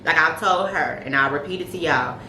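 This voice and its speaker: Low-voiced woman giving blunt dating advice. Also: brisk. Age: adult, past early heartbreaks. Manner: animated, slangy, giving advice with street metaphors. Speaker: podcast co-host. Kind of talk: casual chat. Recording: roomy room with faint noise.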